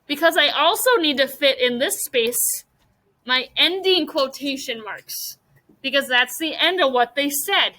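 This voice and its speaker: A young woman teacher with a high, bright voice runs a classroom mini lesson. She guides students patiently, step by step, calling on them with questions. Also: poor audio.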